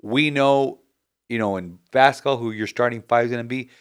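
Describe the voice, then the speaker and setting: A man hosting a casual sports podcast, animated and rambling with frequent restarts. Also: mid-range voice, normal speed, clear, resonant tone. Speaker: podcast host.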